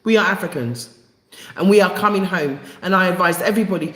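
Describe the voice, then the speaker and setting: Talking fairly quickly in a low but slightly bright voice, a channel host addresses her live-stream audience with emphasis and repeats phrases to drive points home. The room she's in is echoey.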